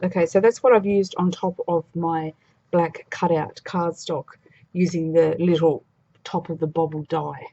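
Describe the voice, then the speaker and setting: Woman, craft tutorial, low husky voice, dull lo-fi sound. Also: steady tone, a little slow, mellow. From Australia. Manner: chatty, thinking aloud while working. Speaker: craft demonstrator.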